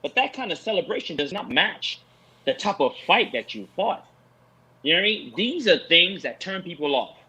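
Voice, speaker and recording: Husky guy, high bright voice, preachy, keeps repeating points on a fight show. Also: very animated, moderate pace, poor audio. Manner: preachy, emphatic, repeats lines for effect, mocks with put-on voices. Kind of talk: animated post-fight talk show discussion.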